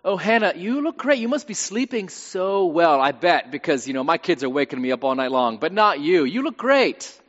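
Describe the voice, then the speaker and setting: A man's voice: a little high, very animated, moderate pace, few pauses, a bit bright. A man putting on a catty, falsely sweet woman. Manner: mock-sweet, backhanded. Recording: dull lo-fi with long reverb.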